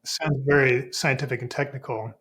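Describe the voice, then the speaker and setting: A man, a spiritual teacher, explaining ideas in relaxed conversation and acting out inner voices in sudden high exclamations. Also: normal speed. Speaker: podcast guest, spiritual teacher.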